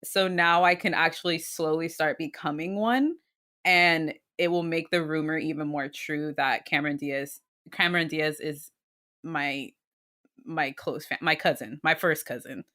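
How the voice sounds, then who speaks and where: A woman's voice: deep voice, measured pace. A woman guest on a podcast, joking in casual chat. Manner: animated, joking.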